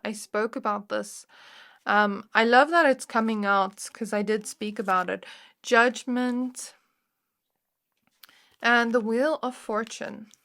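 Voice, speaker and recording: A woman's voice: on the high side, slow pace, pauses often, a bit bright. A woman giving a casual pick-a-card tarot reading, speaking straight to the viewer in a chatty way with many fillers. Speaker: tarot reader.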